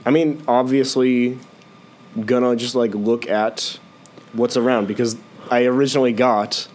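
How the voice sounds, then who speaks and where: A man's voice: medium pitch, steady tone, a little slow, a little mellow, a little hiss or hum. A man playing a tabletop role-playing game, talking through his character's actions in a rambling way. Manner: rambling, full of uh and like. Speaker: player.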